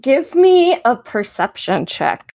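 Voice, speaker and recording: Slow, hesitant woman game master. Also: high voice, sing-song, gravelly, a little mellow. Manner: hesitant, many fillers. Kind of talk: narrating a tabletop game.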